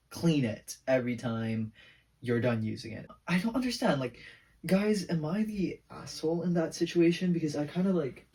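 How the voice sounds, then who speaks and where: A man's voice: medium pitch, a little mellow, recorded from a distance. Rambling teenage boy, a bit off-mic. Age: teens. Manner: rambling, heavy use of "like", venting. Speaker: vlogger. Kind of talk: casual rambling vlog chat.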